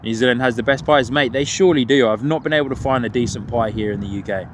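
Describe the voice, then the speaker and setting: His mid-range voice comes quickly as he runs a live plane-spotting stream outside an airport, laughing a lot and talking with his viewers. It's a cold, windy morning, and the wind and surrounding outdoor sounds carry in the background.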